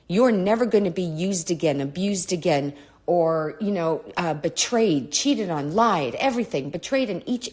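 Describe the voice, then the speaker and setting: A middle-aged woman with a fairly low voice tells a personal story straight to her listeners. She talks bluntly and candidly, swears freely and wanders off on tangents. She keeps clearing her throat as she goes. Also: a little mellow. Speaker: podcast host.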